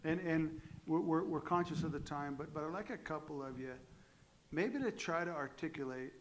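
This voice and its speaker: A middle-aged man, a pastor, moderating a church panel in a halting way, restarting his phrases as he searches for words. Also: fairly high pitch, slight background noise, low-quality recording.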